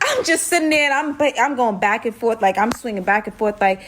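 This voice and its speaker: Animated New woman telling a story. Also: a little high, fairly quick, a little hiss or hum. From Brooklyn, New York. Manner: animated, slangy, emphatic retelling. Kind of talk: storytime vlog.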